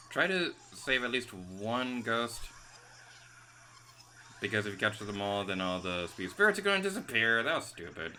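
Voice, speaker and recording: A male let's play host talks over his gameplay in a very bright, forceful voice. His pitch leaps around animatedly. He sounds excitable and quick to vent at the game. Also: slight background noise. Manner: excitable, venting frustration at the game. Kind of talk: gameplay commentary.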